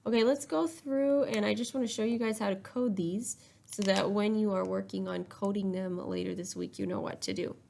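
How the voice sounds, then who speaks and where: A woman teacher talks young children through a spelling lesson, step by step and with patience. Her voice has a gravelly, fry-edged texture at an ordinary middle pitch. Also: fairly even intonation, moderate pace, few pauses, a little mellow, a little hiss or hum. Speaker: third-grade teacher.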